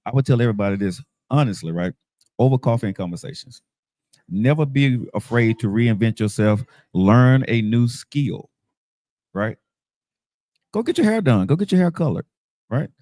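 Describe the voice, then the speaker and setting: A man's voice: mid-range voice, expressive, normal speed, pauses often, mellow, dry recording, studio quality. Upbeat motivational man in his fifties. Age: 50s. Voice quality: bald-headed. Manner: upbeat and motivational, tags lines with "right?". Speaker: host. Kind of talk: livestream talk show.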